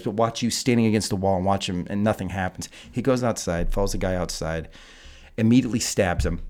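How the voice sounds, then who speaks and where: A podcast host recaps a film in a casual, profane, disbelieving rant during a laid-back review chat. His voice sits low and sounds a little mellow.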